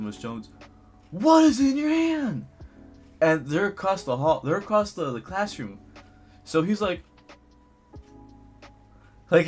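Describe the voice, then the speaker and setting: A man, telling a school story in a rambling, animated way full of fillers. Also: fairly high pitch. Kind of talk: casual story time.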